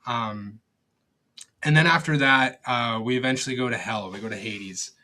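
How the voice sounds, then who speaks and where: A man's voice: mid-range voice, normal speed, pushed and bright. A young man giving a casual, rambling film review, blunt and profane, with lots of fillers and restarts. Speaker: movie reviewer.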